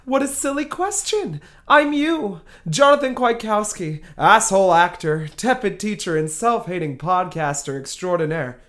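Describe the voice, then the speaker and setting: A man's voice: high voice, lively intonation, normal speed, few pauses, a bit bright. A man voicing a smug, sinister male doppelganger who mocks him in a theatrical, sneering comedy-sketch way. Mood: mocking.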